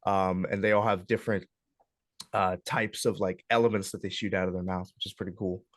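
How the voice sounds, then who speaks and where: A young man leading a club workshop in a casual, relaxed way, hesitating often with ums and uhs as he walks a group through game character options. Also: low-pitched, fairly quick, dry recording, studio quality. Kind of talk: casual classroom walkthrough. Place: classroom.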